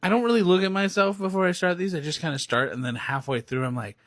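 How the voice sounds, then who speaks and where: A young man, apparently a movie reviewer, rants casually about a film, rambling, excitable and laughing often. His voice is high and fast. He filmed himself on a phone or camera, and there's no echo.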